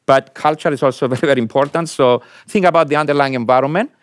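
A man's voice: quick pace, no room sound. A man lecturing an audience, asking them questions and stressing points emphatically. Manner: asks the audience questions, emphatic rising pitch.

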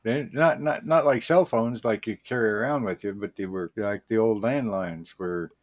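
A man's voice: lowish voice, normal speed. A man co-hosting a comedy podcast, explaining things in folksy, ungrammatical talk with mock authority. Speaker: podcast co-host.

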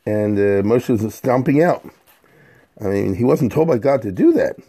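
A man's voice: medium pitch, lively intonation, moderate pace, mellow, husky. A middle-aged man giving an informal scripture lesson, explaining Hebrew verses in plain English in a conversational way. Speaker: Torah teacher.

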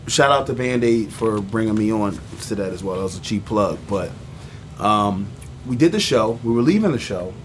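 A man's voice: lowish voice, slight background noise. A young man, telling a long story on a casual podcast, with many ums and acted-out voices for the people in it. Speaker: podcast co-host.

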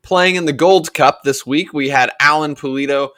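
A man's voice: on the high side, normal speed, fairly bright tone, no echo, clean studio sound. Laid-back man hosting a soccer podcast. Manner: easygoing, hums a little jingle when announcing segments. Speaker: podcast host running a soccer segment. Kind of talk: casual podcast chat.

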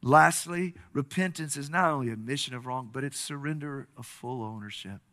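A man's voice: medium pitch, normal speed, bright, forceful tone. A pastor preaching a sermon, telling stories and building to earnest, impassioned appeals to his congregation.

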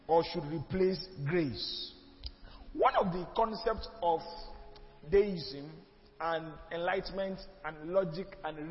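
A man with a Nigerian accent teaching a church history class, speaking emphatically and firing off rhetorical questions. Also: high voice. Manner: emphatic, rhetorical questions, mixes in pidgin and Yoruba asides. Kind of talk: classroom lecture. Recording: echoey hall, muffled lo-fi sound.

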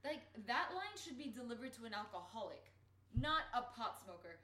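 A young woman co-hosting a casual recap, dry and agreeable, drifting between bright remarks and quiet asides. Her voice is fairly high and swings lively in pitch, and a roomy echo hangs around it. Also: normal speed. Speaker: podcast co-host.

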